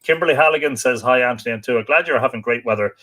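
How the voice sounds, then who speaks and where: Irish male stream host, casual and teasing, reads chat comments aloud, mid-pitched. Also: quick pace, pushed and bright. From Ireland. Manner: chatty, teasing, frequent uh fillers. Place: home library room.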